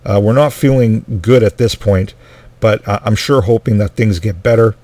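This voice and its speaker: A man's voice: lowish voice, normal speed, dark tone, dry recording. A man telling a personal story in a rambling way, full of restarts and asides. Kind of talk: casual storytelling monologue.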